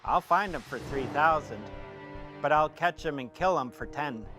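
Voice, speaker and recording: A man voicing a gruff male shark hunter in his own plain, flat reading voice, wooden and hesitant, with no accent. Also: on the high side, moderate pace, music in the background, close to an everyday voice. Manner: hesitant, wooden, loses the lines.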